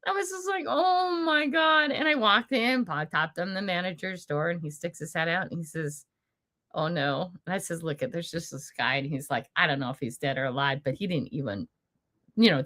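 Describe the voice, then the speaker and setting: A woman's voice: lowish voice, a bit bright. An older woman hosting a casual livestream, telling stories with frequent laughter and blunt, indignant remarks. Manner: chatty, laughs often while telling stories. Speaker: livestream host.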